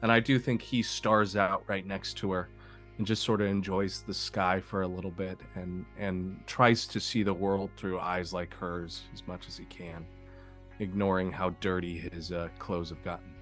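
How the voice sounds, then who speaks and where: Low-voiced guy playing his d&d character, earnest and gentle, light music under. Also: level tone, moderate pace. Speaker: player. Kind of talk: in-character tabletop role-play.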